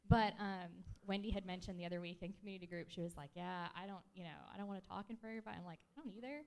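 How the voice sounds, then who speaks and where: A woman's voice: on the low side, racing. A shy, self-described introverted woman telling a rambling story at a church gathering, with many fillers and restarts, into a handheld mic. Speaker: church member sharing a testimony. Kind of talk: casual spoken testimony.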